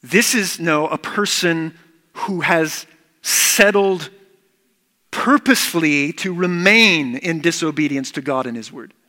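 A man's voice: on the high side, slow pace, sharp tone, long reverb tail. A man preaching a sermon as pastor, earnest and emphatic, repeating key words.

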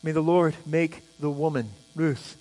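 A man's voice: fairly high pitch, fairly even intonation, unhurried, warm tone, long reverb tail, low-quality recording. A man preaching a sermon, emphatic, asking rhetorical questions and repeating words as he goes. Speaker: pastor.

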